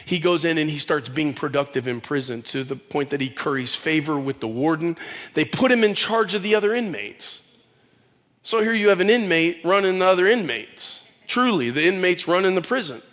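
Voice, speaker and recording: Guy preaching in a big echoey hall, chatty and animated, tells it like a story. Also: a little high, moderate pace. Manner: animated, conversational storytelling with casual slang. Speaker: pastor. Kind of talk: sermon. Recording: long hall reverb.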